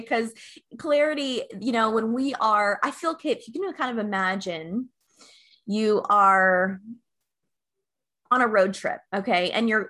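A woman in her thirties, a life coach, telling her story in a casual podcast interview, earnest and animated, laughing often. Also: mid-range voice.

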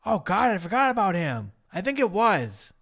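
Man, podcast host, casual chat, high-pitched, very animated, jokey, does mock voices. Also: normal speed. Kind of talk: casual chat recapping a show.

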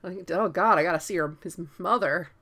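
Animated woman retelling a story, lower voice. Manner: animated, acts out characters in quick voices. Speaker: podcast co-host. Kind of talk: casual book discussion.

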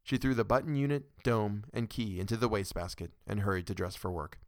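A man's voice: fairly low pitch, steady tone, fairly quick, no echo. Man narrating a story, dry close sound.

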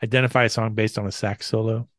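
A man's voice: fairly low pitch, flat delivery, fast, no room sound, clean studio sound. A man co-hosting a podcast in casual chat, often stumbling and repeating words as he thinks. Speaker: podcast co-host.

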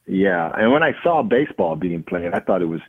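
A man with a Jamaican accent, a guest in a casual interview, telling stories in a relaxed way with many fillers. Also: sits low, a little fast. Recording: phone-line audio.

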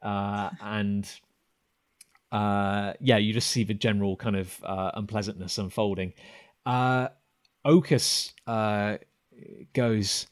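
A man narrating as game master of a tabletop game, halting and full of fillers. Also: lowish voice, steady tone.

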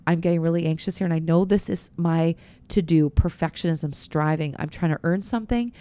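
A woman's voice: deep voice, fairly quick, warm tone, smooth. A woman pastor co-hosting a casual faith podcast, telling candid, confessional stories with many restarts.

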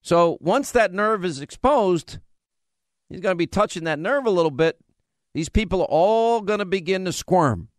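Brief: male radio host, combative and sarcastic, slightly high voice, dry close mic. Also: lively intonation, normal speed, dry recording. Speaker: radio talk show host. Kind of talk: opinionated talk radio monologue.

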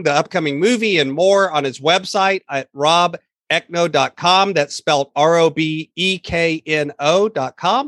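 A man's voice: fairly high pitch, a bit bright, no room sound, clean studio sound. A man hosting a podcast, reading out the guest's links in a plain, matter-of-fact way. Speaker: podcast host. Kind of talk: scripted outro read.

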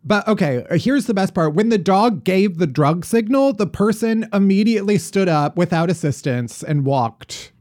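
A woman's voice: mid-range voice, animated, moderate pace, hardly any pauses, darkish tone. Laughing woman co-hosting a news podcast. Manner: jokey, laughs often, slips into silly voices. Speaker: podcast co-host. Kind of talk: casual chat reading news.

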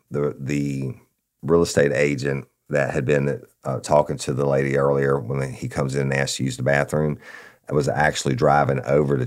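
A former police officer hosting a podcast, telling a crime story in a blunt, profane, emphatic way. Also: male voice, a bass voice, darkish tone. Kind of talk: casual true-crime storytelling.

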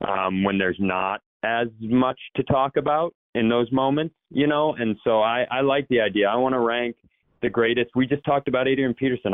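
A fairly low-voiced man on a sports show chats casually about football through a tinny, phone-like line with no room sound. He meanders, self-corrects, and imitates the voices of people he quotes.

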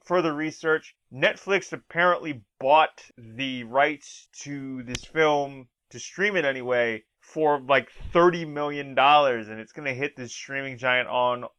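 A man's voice: mid-range voice, a little slow, few pauses, a bit bright, lo-fi sound. A man giving a casual spoken review of a movie trailer, rambling with restarts and acting out quoted lines.

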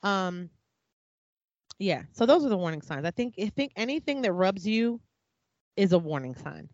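A woman's voice: mid-range voice, sing-song, moderate pace, a little mellow, no room sound. A woman talking candidly and reflectively in a casual conversation, often stopping to restart her sentences. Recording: slightly dull dry sound.

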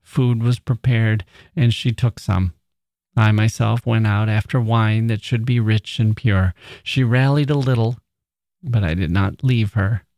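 A man reading a classic short story aloud in a measured, expressive way. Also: lowish voice, no echo, clean studio sound. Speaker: podcast host and reader.

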